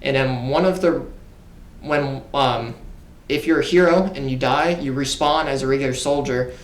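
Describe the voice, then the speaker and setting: A man's voice: medium pitch, moderate pace, a little hiss or hum. Man casually recapping on a podcast. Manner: recapping plainly, with frequent ums. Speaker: podcast co-host. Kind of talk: casual chat. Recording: roomy echo.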